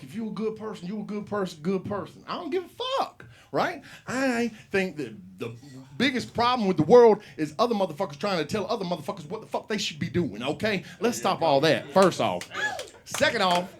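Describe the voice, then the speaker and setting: A man hosts a live open mic comedy show, talking to the crowd with loose, profane storytelling. His voice sits high and swings widely up and down as he riffs. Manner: profane, rambling, animated storytelling. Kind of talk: stand-up comedy hosting. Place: comedy club. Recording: live room with audience.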